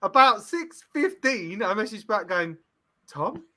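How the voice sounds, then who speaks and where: Male host, bright and sharp, slightly high, teasing banter. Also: unhurried. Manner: laughing, teasing, animated storytelling. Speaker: podcast host. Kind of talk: casual football banter.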